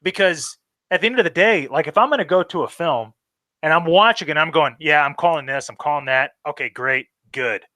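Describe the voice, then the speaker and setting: A man's voice: a little high, brisk, bright, forceful tone, no echo. A man in casual film chat, talking in an emphatic, profane and passionate way.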